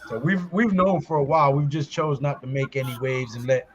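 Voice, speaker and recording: A man hosting a fan talk show, telling stories in animated, slangy casual chat. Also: medium pitch, fairly quick, dull audio.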